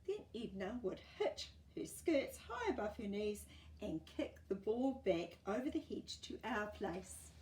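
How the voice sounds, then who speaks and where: Animated woman reading a picture book. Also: medium pitch, unhurried. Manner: expressive, animated storytelling. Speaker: children's story reader. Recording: roomy, distant mic, faint noise.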